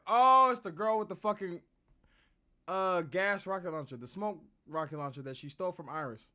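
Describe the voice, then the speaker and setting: A man's voice: sits high, normal speed, bright, forceful tone. A man streaming a video game, reading its dialogue aloud and breaking in with crude, joking asides. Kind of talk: casual gaming commentary.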